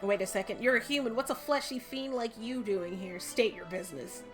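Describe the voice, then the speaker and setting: A woman voicing a gruff, suspicious skeleton guard in a video game, barking stern orders in a deepened voice. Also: a little fast, soft background music, close to an everyday voice.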